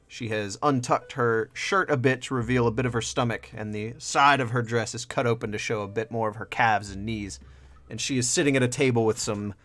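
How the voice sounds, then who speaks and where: A man's voice: mid-range voice, fairly bright tone. Man narrating as game master. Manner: loose, descriptive, many fillers.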